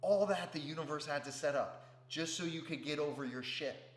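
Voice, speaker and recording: A man's voice: a little high, normal speed. A man giving a casual, profane spiritual talk as a meditation teacher, often checking in with "right?". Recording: roomy with faint hum.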